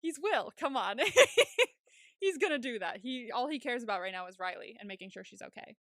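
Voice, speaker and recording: A woman's voice: on the high side, animated, normal speed, a bit bright, dry recording. Chatty woman podcast host, dry sound. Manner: chatty, laughs often, casual swearing. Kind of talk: casual TV recap chat.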